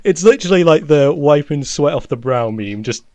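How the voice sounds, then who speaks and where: A man's voice: fairly high pitch, animated, normal speed, darkish tone, no room sound. Young man, rambling storyteller. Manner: rambling, laughing, self-correcting. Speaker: podcast co-host. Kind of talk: casual storytelling chat.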